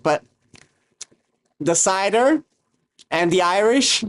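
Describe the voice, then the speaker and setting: A man's voice: sits high, expressive, slow, a bit bright. A young man from Romania with a mixed, self-taught accent, chatting casually with his stream chat while he cooks. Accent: mixed, mostly learned online. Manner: rambling, chatty, reads and answers chat.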